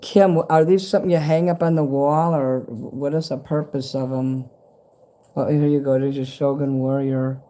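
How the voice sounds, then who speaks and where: A man's voice: medium pitch, steady tone, moderate pace, warm tone. A man chatting casually to camera as he unboxes a fan's package at home, rambling, swearing and easily delighted. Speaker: vlogger opening a fan's package. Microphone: handheld camera.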